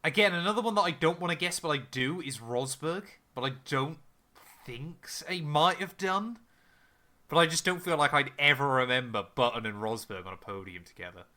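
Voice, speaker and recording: A man's voice: a little high, a little fast, sharp tone. A young man co-hosting a casual podcast, thinking aloud with lots of ums while answering a quiz. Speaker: podcast co-host. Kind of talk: casual chat.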